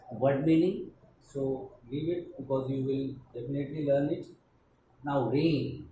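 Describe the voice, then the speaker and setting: A man with an Indian English accent teaches a class, breaking words into syllables and spelling each letter out one at a time. His voice sits a bit high and moves at an unhurried, deliberate pace. He sounds far from the mic in a very echoey room with a faint hiss behind him. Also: mellow. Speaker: school teacher.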